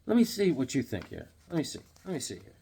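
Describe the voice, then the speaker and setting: Animated man showing off comics. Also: on the high side, quick pace, husky. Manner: animated, cracks corny jokes, sudden yelps. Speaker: comic book vlogger. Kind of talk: casual show-and-tell chat.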